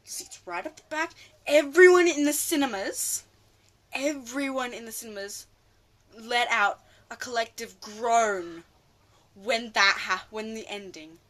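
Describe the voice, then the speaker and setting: A woman ranting casually about a film, rambling excitably and often losing her train of thought. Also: fairly high pitch, a little slow. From Australia. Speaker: vlogger.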